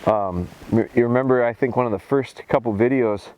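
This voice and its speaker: Male dog trainer outdoors, steady explanatory delivery, mid-pitched. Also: moderate pace, a little hiss or hum. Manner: calls dogs in a high excited voice, then explains calmly. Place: outdoors in snowy field.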